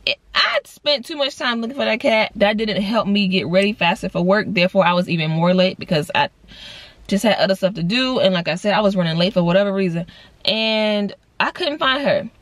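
A woman in her twenties telling a personal story on a vlog, casual and slangy, jumping her voice high for quoted lines. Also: a little fast, no room sound. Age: 20s. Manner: animated storytelling with big voice jumps for quoted lines; casual slangy talk, addresses viewers as y'all. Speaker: vlogger.

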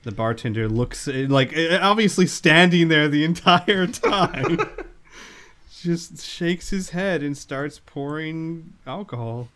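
A man narrating a tabletop role-playing game as game master in a relaxed, halting way. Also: fairly high pitch.

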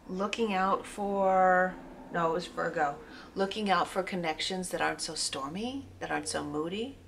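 Female tarot reader, lowish gravelly voice, rambling casual delivery with fillers, slips into near-whispers, faint background hiss. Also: moderate pace, a bit bright. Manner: meandering, with frequent fillers and self-corrections. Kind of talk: casual spoken tarot reading.

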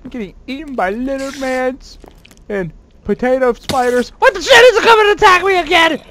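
A man doing let's play commentary as a gaming host, excitable and quick to swear, yelling at sudden scares and bragging playfully. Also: extremely high pitch, a little hiss or hum. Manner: playfully boastful.

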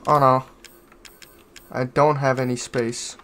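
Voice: mid-range voice, little pitch movement, takes it slowly, a bit bright, slight background noise. A gaming channel host giving let's-play commentary, swearing freely, taunting the enemy and yelping when startled.

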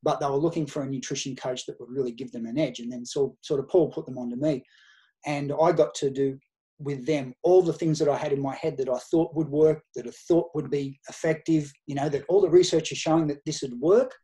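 Brisk and slightly high, with a dark tone and fairly even intonation, this middle-aged Australian-accented man is a podcast guest who works as a nutrition researcher and coach. In a casual interview, he spins anecdotes by quoting past conversations.

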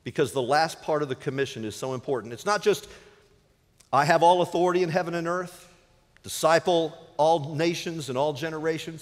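A man preaching a sermon as pastor, dynamic, often dropping to a hushed low voice for emphasis. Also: fairly quick. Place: church sanctuary. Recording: reverberant church sanctuary.

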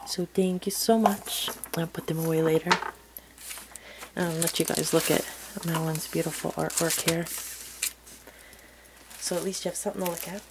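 Soft-spoken woman gushing over gifts. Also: on the low side, fairly even intonation, normal speed, vocal fry, pauses often, heavy background noise. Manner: soft, gushing, often drops to a near-murmur. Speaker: crafting channel host. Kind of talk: casual unboxing chat to viewers.

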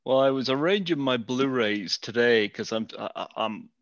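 A man's voice: mid-range voice, normal speed, fairly bright tone, no echo, highs cut off. A man hosting a casual interview on a video call, asking short questions and laughing often. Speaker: podcast host.

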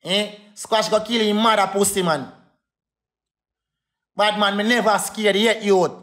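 A man's voice: high-pitched, steady tone, measured pace, a bit bright. A young Jamaican man in a heated livestream rant, defiant and repetitive, calling out to his viewers.

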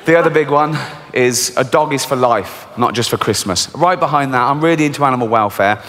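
A middle-aged English man doing a stand-up routine, telling stories in a deadpan, sardonic way and often breaking into giggles. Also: medium pitch, fairly quick. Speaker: stand-up comedian. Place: large theatre stage. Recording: long theatre reverb, faint ambience.

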